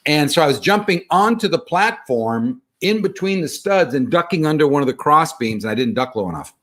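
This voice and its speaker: Man telling a story, animated and jokey. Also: a little high, a little fast. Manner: animated, self-deprecating, jokey. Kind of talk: casual personal storytelling.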